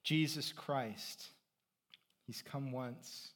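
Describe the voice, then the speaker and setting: A middle-aged man preaching a sermon as pastor, conversational, swinging from loud emphasis to quiet reflection. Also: medium pitch, extremely slow.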